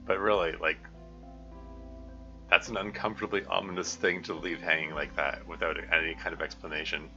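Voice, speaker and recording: A man's voice: low-pitched, pushed and bright, lo-fi sound. A man streaming a casual game playthrough, rambling in self-interrupting asides and laughing. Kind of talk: casual live playthrough commentary.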